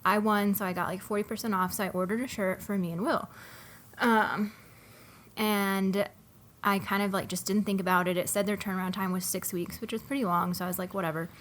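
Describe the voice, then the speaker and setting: A young woman co-hosting a podcast, telling a long story in a casual, animated way with many fillers. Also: mid-range voice, brisk. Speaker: podcast co-host. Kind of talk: casual chat.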